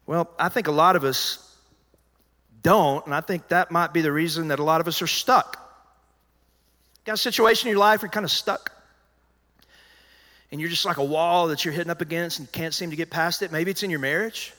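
A man preaching in a large church hall, his voice high and bright with a long reverb trailing each phrase. He talks to the congregation in a lively, conversational way, acting out what people said and sometimes dropping to a hush. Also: fairly quick, pauses often. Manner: animated, conversational preaching with acted-out quotes and dropping to a hushed voice. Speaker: pastor. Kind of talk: sermon.

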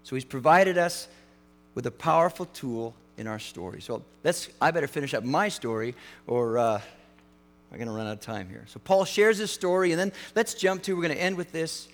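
A male pastor giving a sermon in a casual, animated way, with frequent restarts and fillers. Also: a little high, moderate pace. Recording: hall reverb, mains hum.

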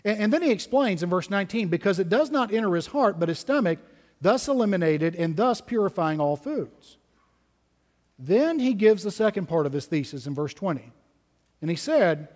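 A man preaching with slow, deliberate emphasis, leaning hard on key words. His voice is pitched high for a man. A long reverb hangs around him as if he stands in a large hall. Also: big pitch swings, a little mellow. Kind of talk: expository sermon.

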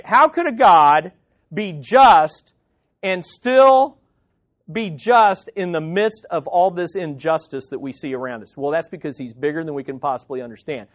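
A man's voice: sits high, a bit bright. A man preaching an expository sermon, reading scripture aloud and explaining it emphatically, with frequent questions to the congregation. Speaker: pastor.

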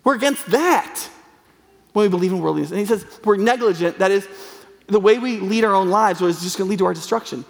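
A man with a high voice preaches in an earnest, conversational way, often breaking into fillers and restarts. His words ring out with a long reverb, as if carried through a large hall. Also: fairly quick, vocal fry. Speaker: pastor. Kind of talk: sermon.

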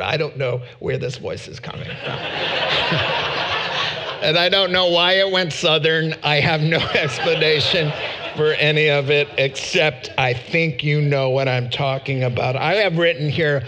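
A man's voice: a little high, a little slow, sharp tone. A man preaching a sermon as pastor, emphatic and repeating words for stress.

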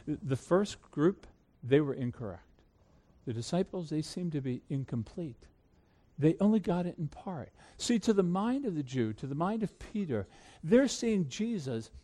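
Man, pastor, sermon, expressive, fairly high voice, emphatic then hushed. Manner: swings from loud emphatic peaks to hushed low asides.

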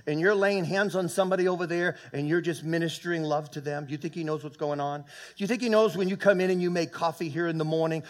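A man preaching a sermon to his church, emphatic, with loud peaks, quiet asides and frequent halting restarts. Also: on the high side. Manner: halting, with many fillers and restarts. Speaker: pastor. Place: church sanctuary.

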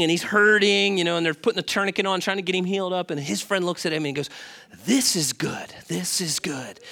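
Bright animated preaching man. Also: on the high side. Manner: animated, asks the congregation questions. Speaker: pastor. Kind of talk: sermon.

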